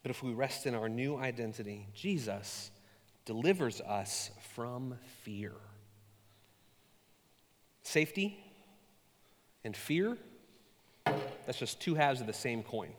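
A man preaching a sermon, telling stories with animated, self-mocking humor. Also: mid-range voice, a little slow, long pauses, long reverb tail. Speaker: pastor.

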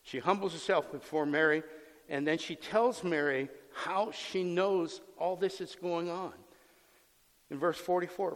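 A man's voice: fairly high pitch, steady tone, unhurried, fairly bright tone. A man preaching a sermon as pastor, conversational and emphatic, acting out the scenes he explains, in a long hall reverb.

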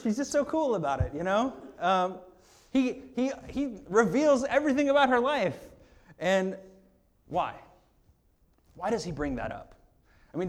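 A man preaching a sermon with a voice pitched a little above most men's. He talks to the congregation conversationally, mixing jokes and laughter with quieter, earnest stretches. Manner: conversational, with humorous asides and laughs; earnest, drops quiet on serious points. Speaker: pastor.

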